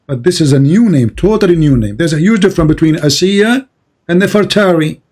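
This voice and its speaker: A man's voice: fairly high pitch, lively intonation, fairly quick, darkish tone. A man whose first language is Arabic, insistent and lecturing in a heated debate, often repeating his words. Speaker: debate host.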